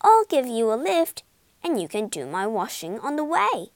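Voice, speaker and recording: A woman's voice: a little high, sing-song, normal speed, no echo. Woman playing a hearty storybook barge woman. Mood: friendly. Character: kindly but quick-tempered barge woman.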